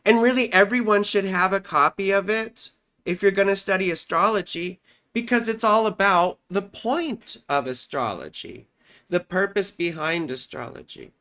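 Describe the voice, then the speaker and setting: A woman's voice: medium pitch, animated, normal speed, fairly bright tone. A woman astrologer hosting a live stream and lecturing in a rambling, conversational way, with casual slang and asides to her viewers.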